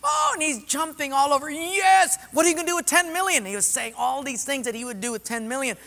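A high, bright-voiced man preaches with lively storytelling, jumping into the voices of his characters. His words ring out with a long reverb, as in a large hall. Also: fast. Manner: animated, acts out voices in stories. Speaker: pastor. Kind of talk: sermon with storytelling.

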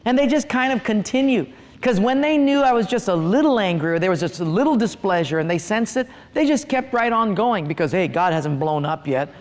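A man's voice: high-pitched, fairly quick, hardly any pauses, long reverb tail. A middle-aged male pastor preaching a sermon, telling humorous stories with playful asides. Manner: humorous storytelling, lively asides.

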